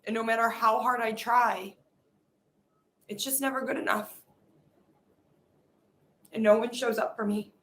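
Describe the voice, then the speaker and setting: Slow, bright-voiced woman venting raw feelings. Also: a little high, steady tone. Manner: raw, venting inner hurt and frustration aloud. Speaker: podcast host. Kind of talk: guided emotional release exercise.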